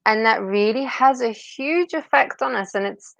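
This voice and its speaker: A woman hosting an interview, affirming her guest warmly and repeating words as she thinks aloud. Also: on the high side, normal speed, gravelly, dry recording. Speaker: podcast host. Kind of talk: interview conversation.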